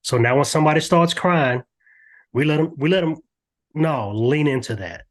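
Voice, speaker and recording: An older man, a podcast guest, talking earnestly in a lively storytelling way with frequent restarts. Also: fairly high pitch, moderate pace. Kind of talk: candid podcast interview.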